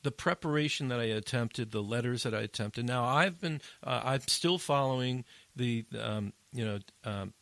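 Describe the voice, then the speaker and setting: A man hosting a casual podcast chat, telling an animated story that climbs high at the funny parts. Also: normal speed, few pauses, dry recording. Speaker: addiction interventionist, podcast host.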